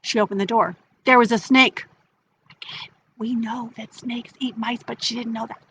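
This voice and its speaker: Woman nature educator telling a kids story, high bright voice, faint background noise. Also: moderate pace, poor audio. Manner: animated, expressive storyteller. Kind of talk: storytelling for children.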